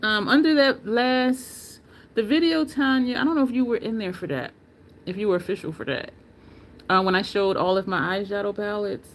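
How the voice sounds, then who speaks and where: A woman in a casual livestream chat, rambling through her opinions with plenty of ums and restarts. Her voice sits at an ordinary middle pitch for a woman. She talks loosely and chattily, as a beauty channel host answering her viewers. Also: moderate pace.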